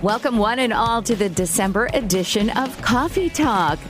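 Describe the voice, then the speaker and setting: A woman's voice: a little high, animated, normal speed, soft background music. A woman with a New York accent hosting a casual radio chat, bubbly and effusive, laughing easily. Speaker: radio host. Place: radio studio.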